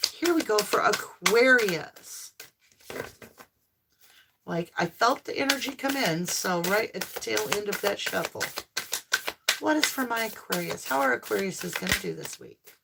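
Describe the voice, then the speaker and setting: Speaking in a mid-range voice with vocal fry, a tarot reader gives a live reading over a noisy background. She's gushing and affirming toward her viewers, exclaiming frequently.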